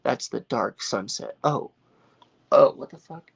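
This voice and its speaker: A man's voice: mid-range voice, animated, measured pace, vocal fry, husky. A man chatting casually on a live stream, rambling and swearing, full of slang and restarts. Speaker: cannabis grower streaming to viewers. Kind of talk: casual livestream chat.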